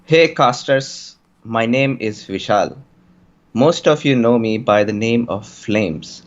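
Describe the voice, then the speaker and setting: A man's voice: medium pitch, animated, pitched below the performer's own voice. A man putting on an Indian-accented young student. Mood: earnest. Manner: slow, deliberate reading of written answers. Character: young male student reading his own interview answers. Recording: dull lo-fi mic.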